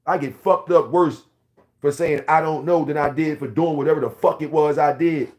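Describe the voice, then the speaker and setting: A man in his forties from Philadelphia, ranting loudly and profanely to camera in a rambling, heated, comedic way. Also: fairly high pitch, a little fast. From Philadelphia, USA. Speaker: vlogger.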